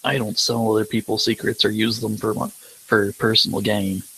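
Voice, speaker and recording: A man voicing a guarded, secretive male schemer in a tabletop game, with measured, deliberate lines. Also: lowish voice, little pitch movement, creaky, bright, forceful tone, a little hiss or hum, rough recording.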